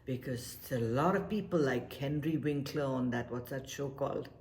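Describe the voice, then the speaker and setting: A woman giving life advice in a casual, reflective talk, animated and emphatic, repeating her points and dropping to a soft whisper for emphasis. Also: a bass voice, normal speed, slight background noise. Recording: echoey room.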